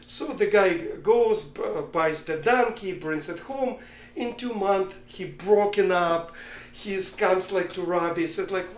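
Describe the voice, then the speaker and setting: A man co-hosting a podcast, talking politics casually in a halting way and telling jokes. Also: high-pitched, roomy sound. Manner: halting, with many fillers and restarts, telling jokes. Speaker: podcast co-host.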